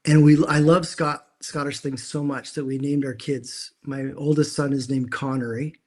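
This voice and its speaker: A man's voice: medium pitch, normal speed. A man, co-hosting a casual chat from a dim room at home over a video call, telling stories with lots of restarts. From Canada. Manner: animated storyteller with many restarts. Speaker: co-host.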